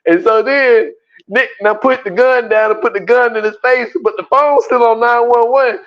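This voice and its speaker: A man's voice: very high-pitched, moderate pace, dull audio. A man co-hosting a casual movie podcast, acting out scenes with lots of laughter. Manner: animated storyteller who acts out scenes and laughs a lot. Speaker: podcast co-host. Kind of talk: casual movie-review chat.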